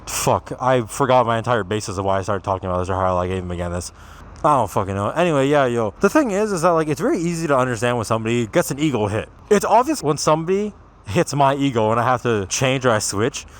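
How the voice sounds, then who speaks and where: A man's voice: mid-range voice, sing-song, fast talker. A young man with a Toronto accent, ranting casually and bluntly to the camera, swearing freely and rambling from point to point. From Canada. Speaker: vlogger.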